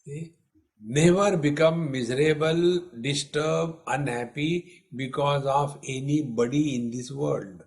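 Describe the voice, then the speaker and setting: A man's voice: a little high, fairly even intonation, takes it slowly, gravelly. Playful male spiritual teacher. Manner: playful, teasing, acts out dialogue in stories. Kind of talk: spiritual discourse with humorous anecdotes. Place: lecture hall.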